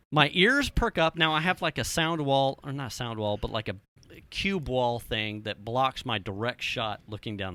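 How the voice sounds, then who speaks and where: A man's voice: mid-range voice, no room sound. A man in his thirties telling a family story on a casual podcast, swearing freely and acting out what people said. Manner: animated, swearing storyteller who acts out quotes. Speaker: podcast co-host.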